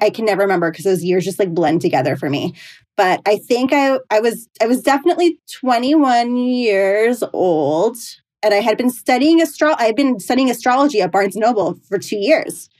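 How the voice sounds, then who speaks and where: A woman's voice: mid-range voice, a little mellow. A woman in her thirties, an astrologer, telling stories in a casual interview, chatty and full of "like" and "you know". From New York City. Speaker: astrologer guest.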